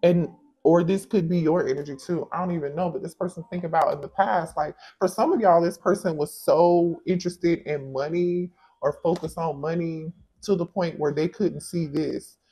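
A man doing a casual tarot reading for his viewers, animated and exclaiming, talking straight to them. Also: a little high, normal speed, breathy edge. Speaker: tarot reader.

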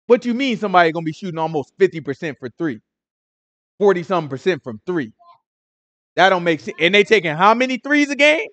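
A man with a fairly high voice teaches a Bible study in relaxed, slangy conversation. He is animated and keeps turning to his listeners with quick questions. The sound is close and dry, with no room around it. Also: dry recording.

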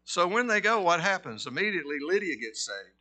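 A middle-aged pastor from Georgia with a Southern accent, preaching a conversational sermon that rises to forceful emphasis. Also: male voice, high-pitched, very animated, brisk. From Georgia, USA.

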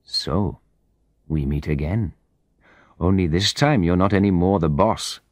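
A man's voice: low voice, unhurried, no echo, studio quality. A man voicing a greedy, menacing businessman in an audiobook, speaking in an arrogant, threatening way.

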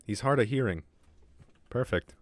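A man at mid pitch gives live commentary on a game and talks straight to his chat. He is jumpy and swears freely. The sound is dry and close to the mic. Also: lively intonation, normal speed, dry recording. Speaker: gaming streamer.

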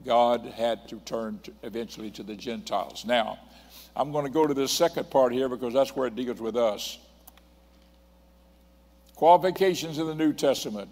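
A man's voice: mid-range voice, normal speed, a little mellow. Older male preacher, emphatic, repeats his points, church hall reverb. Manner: emphatic, reads scripture aloud and repeats points. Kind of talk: sermon. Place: church sanctuary.

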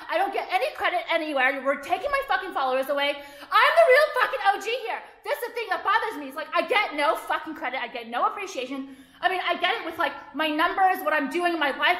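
A woman's voice: extremely high pitch, sharp tone. A woman designer vlogging an angry, profane rant full of filler words, in an echoey room. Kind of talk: ranting vlog monologue.

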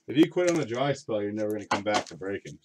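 A man's voice: lowish voice, animated, quick pace, noisy background. A man hosting a card break live stream, chatting casually with viewers and reading out card names between rambling remarks. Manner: chatty, rambling, reads card names aloud while talking to chat.

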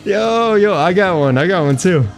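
A man's voice: a little high, a little fast. A young man streaming a game live, chatting with viewers, laughing, venting frustration and swearing. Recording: faint music behind.

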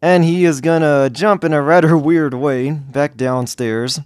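A man's voice: fairly high pitch, steady tone, a little slow, clean tone, dry recording, studio quality. A man giving casual, jokey gameplay commentary as a gaming YouTuber, rambling and easily sidetracked.

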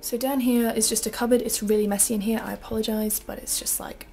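A bright-voiced young Australian vlogger gives a casual tour of her tiny flat, speaking at a quick pace with a fairly high pitch. She's chatty and giggly with lots of fillers, and her accent now and then slips toward British. The small room sounds echoey, with soft music underneath.

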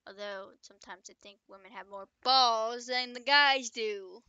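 Bright, chatty woman reading her own story. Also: a little high, unhurried, smooth, no echo, muffled recording. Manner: chatty, breaks off to joke and comment. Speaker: author reading own book. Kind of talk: casual story reading with asides.

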